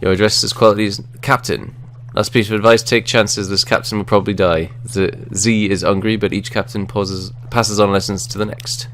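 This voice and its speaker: A man's voice: lowish voice, flat delivery, moderate pace, hardly any pauses, fairly bright tone. A man casually chatting while playing a video game and reading its text aloud. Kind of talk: casual gaming chat.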